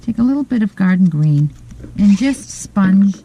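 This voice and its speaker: Slow, mellow-voiced woman demonstrating a craft. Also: mid-range voice, a little hiss or hum, rough recording. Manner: relaxed, methodical, frequent "um" pauses. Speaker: card-making tutorial host.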